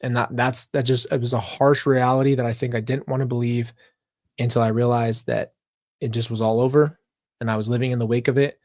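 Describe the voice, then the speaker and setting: A man's voice: mid-range voice, level tone, brisk, a little mellow, dry recording, studio quality. A man hosting a live reaction stream, talking earnestly and reflectively to his viewers and chat, often wandering off on personal tangents. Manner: talks straight to viewers and chat. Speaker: reaction channel host.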